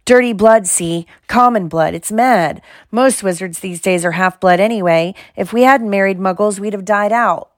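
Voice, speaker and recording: A woman doing a hoarse, queasy schoolboy. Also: mid-range voice, normal speed, hardly any pauses, no room sound, clean studio sound, natural voice. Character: sick, sweaty teenage schoolboy. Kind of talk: audiobook character voice.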